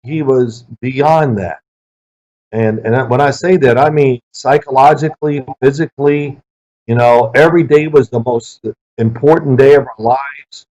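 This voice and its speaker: A middle-aged man, a former football player, answering interview questions with lively anecdotes. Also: medium pitch, unhurried. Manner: lively storyteller who acts out quoted people. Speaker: interview guest, former pro quarterback. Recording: dull lo-fi sound.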